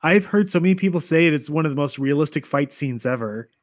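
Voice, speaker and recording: A man's voice: a little high, expressive, quick pace, no room sound, clean studio sound. A man co-hosting a casual movie-review podcast. He thinks aloud, restarting and hedging as he goes. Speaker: podcast co-host.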